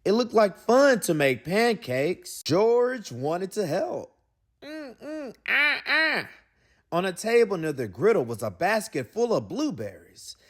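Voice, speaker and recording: A man narrating a children's picture book aloud. His reading is slow and expressive, with a pitch that bounces up and down. He tosses in playful slang asides between the sentences.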